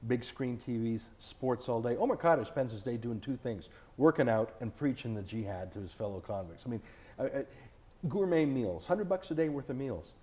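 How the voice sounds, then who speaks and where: A man giving a sit-down interview speaks in a combative, insistent way. His pitch swings widely as he presses each point. His tone is dark and mellow. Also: lively intonation, moderate pace. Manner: emphatic, combative, argumentative. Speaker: author and TV host, interview guest. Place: indoors, filmed interview.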